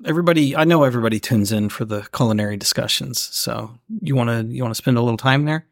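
A man with a Southern US accent co-hosting a casual podcast chat, with teasing, deadpan banter. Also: medium pitch, quick pace, gravelly, dry recording, clean studio sound. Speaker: podcast co-host.

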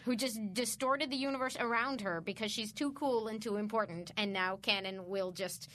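Bright-voiced woman podcast co-host. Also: medium pitch, normal speed. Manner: laughs often, playful quips. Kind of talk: casual chat.

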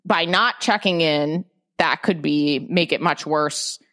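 A young woman with a lowish voice chats on a podcast in an open, candid way. She swears now and then and often breaks off and restarts her sentences as she thinks aloud. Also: slow pace, a bit bright. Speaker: podcast guest. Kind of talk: casual podcast chat.

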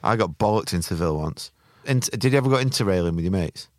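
A man's voice: low-pitched, expressive, fast, dry recording, studio quality. A young man hosting a podcast, telling crude, rambling stories in casual chat. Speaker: podcast host.

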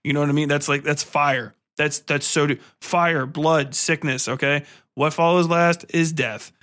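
Bright-voiced man ranting through a film review. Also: on the high side, unhurried. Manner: profane, rambling, animated storytelling with sung bits. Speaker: podcast host. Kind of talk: casual film review rant.

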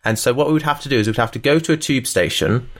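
A man's voice: mid-range voice, lively intonation, fast talker. A young man co-hosting a podcast, talking with eager enthusiasm and explaining things at length in casual chat. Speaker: podcast co-host.

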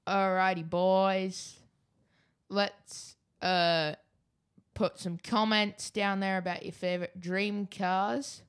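A woman's voice: medium pitch, little pitch movement, takes it slowly, clear, resonant tone, lightly acted. A woman voicing an upbeat Southern American cowboy host in a hammy, drawling put-on accent.

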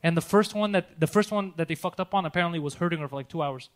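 A man co-hosting a casual podcast, telling animated, profanity-laced stories and laughing often. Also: a little high, quick pace. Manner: animated storytelling, swears a lot, laughs often. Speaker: podcast co-host.

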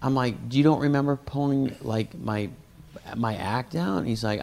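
A man who is a guest comedian, telling stories in an animated way, acting out voices and mocking himself with a lot of swearing. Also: medium pitch, moderate pace, vocal fry. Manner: animated, acts out voices in anecdotes; profane and self-mocking. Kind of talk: conversational storytelling.

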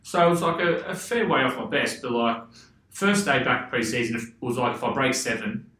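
An Australian man rambles through stories in a relaxed chat, swearing and laughing as he goes. His voice is very bright and forward, and it bounces around an echoey room. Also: mid-range voice, brisk. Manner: swears freely, laughs a lot, loose rambling anecdotes. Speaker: podcast guest, former footballer. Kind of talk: casual chat, storytelling.

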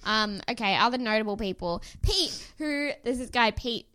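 A woman's voice: a little high, expressive, moderate pace, pushed and bright, smooth, dry recording. Young woman, giggly rambling chat, dry close sound. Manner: giggly, rambling with many fillers. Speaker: podcast co-host. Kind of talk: casual chat.

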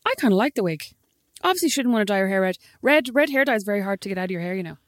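A woman with an Irish accent in a casual chat, opinionated and animated as she reacts to a film trailer. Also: medium pitch, racing, no room sound, studio quality. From Ireland.

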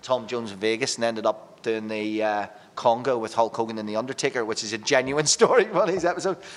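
A man's voice: mid-range voice, brisk. Radio guy rambling on a podcast, swears a lot, echoey reverb on the voice. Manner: lively, rambling storyteller who swears casually. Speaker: radio presenter and podcast guest. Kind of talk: casual chat.

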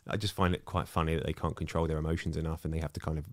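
A man co-hosting a podcast, telling stories about himself in a brisk, self-mocking way. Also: very deep voice, level tone, no echo. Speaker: podcast co-host. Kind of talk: casual chat.

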